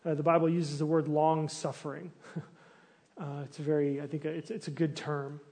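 A pastor with a fairly high, breathy-edged voice preaches at a moderate pace in a conversational sermon. He poses searching questions to the congregation, restarts and uses fillers, and grows animated when acting out complaints.

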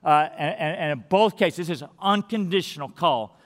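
High-voiced preacher in a reverberant church. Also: male voice, expressive, normal speed. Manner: emphatic preaching with big swings from loud to hushed. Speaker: pastor. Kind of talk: sermon. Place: church sanctuary.

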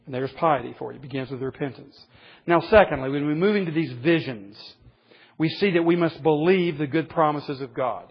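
Husky-voiced man preaching earnestly. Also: brisk, muffled recording. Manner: earnest, conversational preaching with sudden pitch lifts and quiet drops. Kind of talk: sermon.

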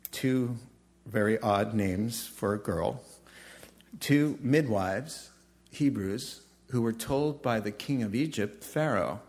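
A man preaching a sermon, telling stories with animated voices and laughter. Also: mid-range voice. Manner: animated storytelling, acting out characters with laughs. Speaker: pastor.

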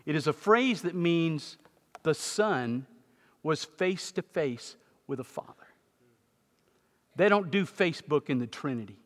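Bright-voiced man preaching in a reverberant hall. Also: on the high side, animated, a little slow, pauses often. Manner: storytelling with humor, loud emphatic peaks. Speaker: pastor. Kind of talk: sermon. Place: church sanctuary.

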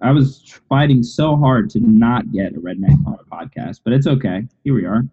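A man hosting a casual podcast who talks in a relaxed, conversational way. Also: medium pitch, normal speed, breathy edge. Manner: relaxed, conversational host talk. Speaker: podcast host. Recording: dull lo-fi audio.

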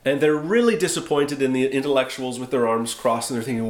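A man preaching a sermon as pastor, conversational and wry, slowing down for emphasis. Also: medium pitch, roomy sound. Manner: conversational, wry, with dramatic slowdowns. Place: church sanctuary.

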